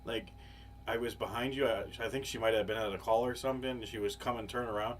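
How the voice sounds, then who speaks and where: A man's voice: mid-range voice, fairly even intonation, quick pace. A man co-hosting a podcast, telling a long, rambling, profane story in casual chat, full of fillers. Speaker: podcast co-host. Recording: live podcast, faint background noise.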